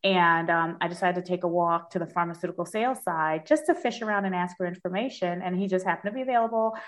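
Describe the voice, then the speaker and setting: A woman from New York, a dermatologist guest in an interview, telling her story in a lively way and laughing often. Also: lowish voice, fast.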